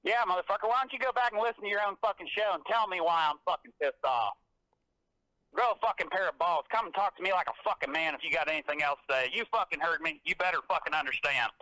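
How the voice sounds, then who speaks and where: Brief: high-pitched aggressive man phoning in to threaten the host, quick and profane. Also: pushed and bright, no room sound, low-quality recording. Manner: aggressive, threatening, heavy cursing. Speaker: angry caller. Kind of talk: profane phone rant.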